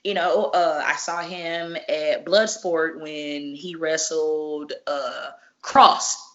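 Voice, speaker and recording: Animated, profane woman telling stories. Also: sits low, drawn-out words. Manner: animated, profane, acts out dialogue. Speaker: professional wrestler, interview guest. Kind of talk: casual interview storytelling. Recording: muffled lo-fi recording.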